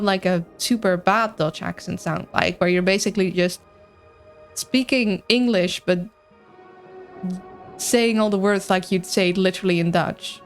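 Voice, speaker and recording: Excitable woman streaming a game. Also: mid-range voice. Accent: mixed, hard to place. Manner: excitable, rambling, bouncy. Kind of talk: live gameplay commentary, reading chat.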